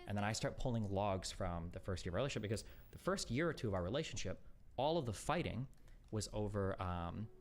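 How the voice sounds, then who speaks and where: A man on a stream talking casually, retelling an argument in an aggrieved, filler-heavy way. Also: on the low side.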